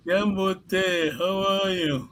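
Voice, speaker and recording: A man with a high voice leads a language lesson over a video call. He speaks patiently and haltingly, repeats himself and laughs often. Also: steady tone, a bit bright, slight background noise, rough recording. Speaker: language teacher. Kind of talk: online language class.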